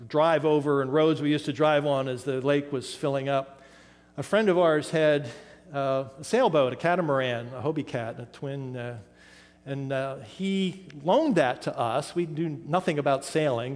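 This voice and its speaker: An older man from western Pennsylvania preaching a sermon, pausing dramatically and letting key words trail off softly. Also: mid-range voice, big-room sound. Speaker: pastor.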